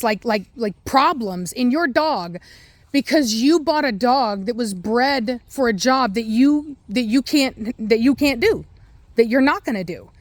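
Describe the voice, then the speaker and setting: A woman's voice: on the high side, dry recording. A woman who breeds and trains dogs, ranting bluntly and with exasperation in an opinionated commentary.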